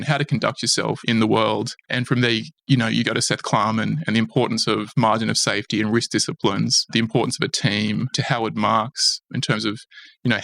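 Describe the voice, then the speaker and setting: An Australian man in his forties, a fund manager speaking in a podcast interview in a measured, reflective way that often restarts. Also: fairly low pitch, gravelly, a bit bright, no room sound. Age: 40s.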